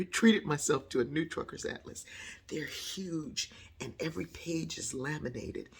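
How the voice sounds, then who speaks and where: A woman's voice: a bass voice, gravelly, a little hiss or hum. A woman telling a personal story in a reflective monologue, acting out voices when she quotes people. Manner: animated, acts out voices in quoted dialogue.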